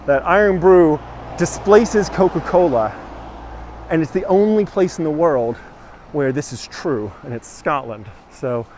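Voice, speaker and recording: A fairly high-voiced man guides a live walking tour, talking in a loose, jokey way and answering comments as he goes. He is outdoors on a village street, and faint traffic hums behind him. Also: expressive, a little slow, a little mellow.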